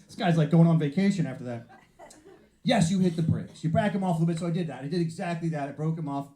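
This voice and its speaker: Fast-talking brash comedian on stage. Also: male voice, medium pitch, dark tone. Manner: brash, profane storytelling with acted-out voices. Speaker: stand-up comedian. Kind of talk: stand-up routine. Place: theater stage before a live audience. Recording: roomy live venue sound.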